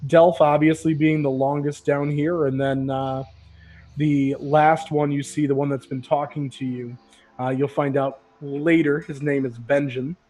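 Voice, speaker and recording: A man's voice: on the high side, little pitch movement, unhurried, mellow. A man narrating as game master of a tabletop role-playing game, casual with frequent fillers.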